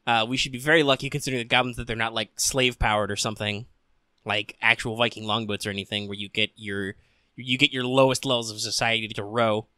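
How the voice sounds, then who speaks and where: Bright-voiced young man, casual and profane. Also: medium pitch, fast talker, no room sound. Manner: rambling, swears a lot, deadpan quotes. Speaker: podcast co-host. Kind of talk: casual anime discussion.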